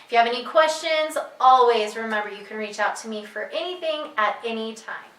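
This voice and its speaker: A woman's voice: a little high, fairly quick, a bit bright, reverberant, distant mic, poor audio. A woman who teaches reading, explaining to parents how to guide their child, patient and repeating her key points. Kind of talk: instructional talk to parents.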